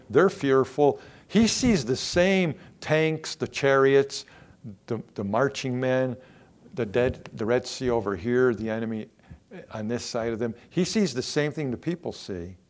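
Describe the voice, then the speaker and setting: Earnest male preacher with a mid-range voice. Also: medium pitch. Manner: earnest, repetitive emphasis, rising and falling in intensity. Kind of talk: sermon.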